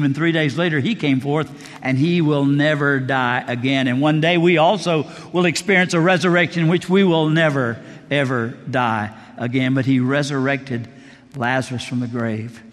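A man's voice: fairly high pitch, fairly bright tone, in a large hall. A middle-aged male pastor preaching a sermon, telling a story and acting out the dialogue. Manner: storytelling, acts out quoted dialogue.

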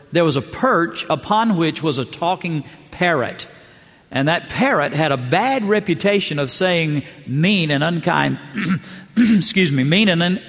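A middle-aged man preaching a sermon, telling stories with measured pauses. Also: a little high, a bit bright. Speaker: pastor. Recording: long church hall reverb.

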